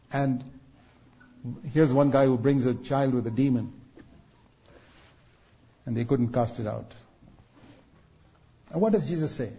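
A man preaching a sermon, building to loud, drawn-out emphasis at key points. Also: mid-range voice. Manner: rises to loud, drawn-out emphasis on quoted rebukes. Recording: dull lo-fi recording.

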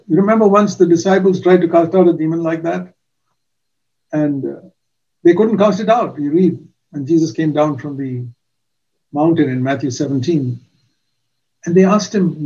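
An older man preaching a sermon, giving earnest testimony with slow, emphatic pauses. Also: on the high side, a little mellow, dull audio.

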